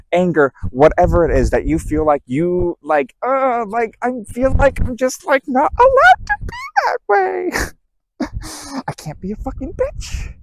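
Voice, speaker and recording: A man's voice: mid-range voice, a little mellow, dry recording, low-quality recording. A man giving a heated, blunt, profanity-laced motivational talk about emotional processing. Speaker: self-help speaker. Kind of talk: motivational monologue.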